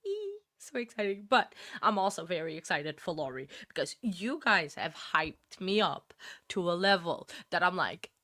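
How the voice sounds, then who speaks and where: A woman's voice: lowish voice, expressive, normal speed, pushed and bright, dry recording, clean studio sound. A woman hosting a livestream, chatting casually with viewers, emotional and laughing often. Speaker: livestream host. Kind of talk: casual chat with live chat.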